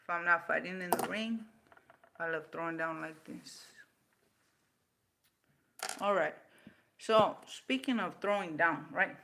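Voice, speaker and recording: A woman's voice: lowish voice, takes it slowly, long pauses, sharp tone. A woman in her fifties hosting a livestream, talking bluntly, swearing freely and answering viewer comments. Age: 50s. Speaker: livestream host. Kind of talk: unscripted livestream talk.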